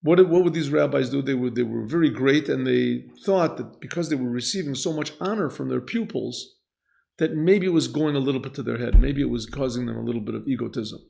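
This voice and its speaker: Gravelly-voiced rabbi teaching a class. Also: male voice, medium pitch, brisk, a little mellow. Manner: storytelling, acts out quoted voices, frequent throat clearing. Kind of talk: classroom Torah lesson. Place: yeshiva classroom.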